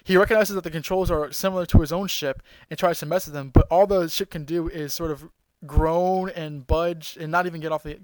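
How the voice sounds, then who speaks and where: A man hosting a podcast, recapping an episode in an excited, rambling way with lots of fillers and restarts. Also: a little high, no echo, poor audio. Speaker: podcast host.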